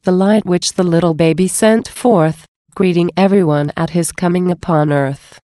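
A woman reads a devotional text in a slow, reverent, measured way. Her voice is fairly low and mellow. The recording is close and dry. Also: no echo. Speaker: reader. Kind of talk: devotional scripture-style reading.

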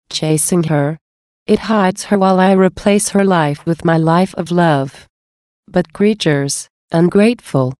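A woman voicing a gentle, loving divine male speaker in a slow, measured, solemn devotional reading. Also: on the low side, no echo, clean studio sound, close to an everyday voice.

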